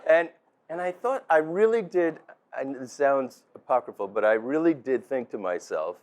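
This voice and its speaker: A man's voice: medium pitch, expressive, moderate pace, a little hiss or hum. Chatty father giving a wedding toast. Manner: chatty storyteller, laughing, many restarts. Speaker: father of the groom. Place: restaurant dinner.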